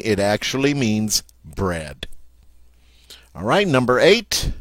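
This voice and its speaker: A man teaching French vocabulary, repeating each word slowly and with emphasis. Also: medium pitch, animated, no room sound, studio quality. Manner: slow, careful, emphatic repetition of words. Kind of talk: vocabulary lesson.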